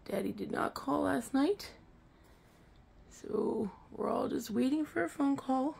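A woman's voice: sits high, lively intonation, takes it slowly, gravelly, darkish tone, breathy edge. A woman filming her cats on a phone, chatting to them affectionately in a casual pet vlog. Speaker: vlogger.

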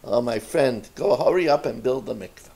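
A man voicing a calm, wise old rebbe in a story, who gives gentle, measured, patient advice. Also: mid-range voice, creaky, noisy background, pitched below the performer's own voice. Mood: urging.

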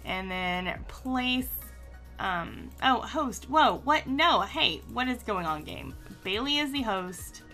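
A woman giving casual let's-play commentary, chatty and excitable, gushing and teasing herself as she plays. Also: fairly high pitch, takes it slowly, soft background music. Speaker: gaming YouTuber.

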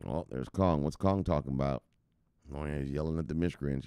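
A man hosting a crypto news stream, talking casually with slang and loud shout-outs, explaining things step by step. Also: extremely low pitch, sing-song, normal speed, clear, resonant tone, no echo, clean studio sound. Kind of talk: casual livestream talk.

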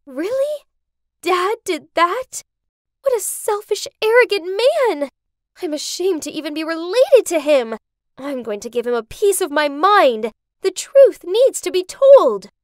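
A woman's voice: sing-song, measured pace, dry recording, clean studio sound, full character voice. Woman doing an outspoken young rich bride. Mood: indignant. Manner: emphatic, high-pitched outbursts.

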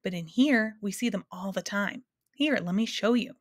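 A woman voicing a wistful, stubborn female sound keeper who is quick to scold. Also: mid-range voice, no room sound, studio quality, lightly acted.

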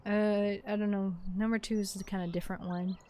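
A woman hosting a live game stream, chatting and reacting loudly to what happens in the game. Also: mid-range voice, level tone, brisk, slight background noise. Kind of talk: live gameplay stream chat.

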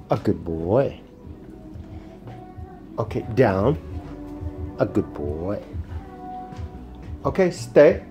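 A man who sits and trains dogs, explaining casually at home. He alternates soft, soothing praise with short, firm commands. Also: a little high, big pitch swings, slow pace, pauses often, music in the background. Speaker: dog sitter and trainer. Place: indoors at home.

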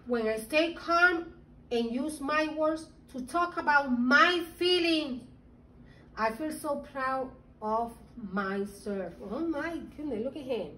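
High-voiced teacher in an echoey room. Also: female voice, slow pace, distant mic, slight background noise. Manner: animated, acts out the children's feelings. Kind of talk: reading a social-emotional lesson to young children. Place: classroom.

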